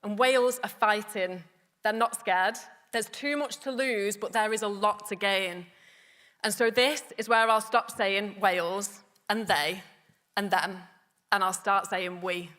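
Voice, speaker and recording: A woman's voice: medium pitch, steady tone, unhurried, fairly bright tone. A woman with a Bolton accent giving a rousing conference speech on stage, introducing the next speaker with light jokes. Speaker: party politician introducing a speaker. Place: large conference hall on stage. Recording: long hall reverb, faint crowd.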